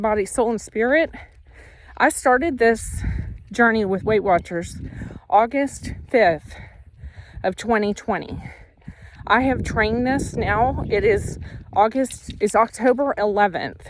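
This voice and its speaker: Earnest woman giving a faith pep talk. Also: on the high side. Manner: earnest, repetitive, self-correcting; walking while talking. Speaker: faith vlogger. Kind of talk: casual motivational talk.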